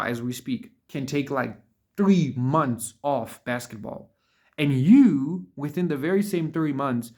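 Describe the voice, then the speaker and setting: A vlogger talks casually to camera in a blunt, profane motivational monologue. He repeats words for emphasis and calls the listener "bro" and "dude." His voice is medium in pitch.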